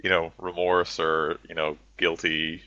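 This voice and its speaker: A man narrating a tabletop game as game master in a loose, casual way, full of fillers. His voice is low and deep with a bright, forceful edge. The recording is dull, lo-fi and dry. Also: level tone, a little slow, clean tone, no echo. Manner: casual, many fillers like "sort of" and "you know".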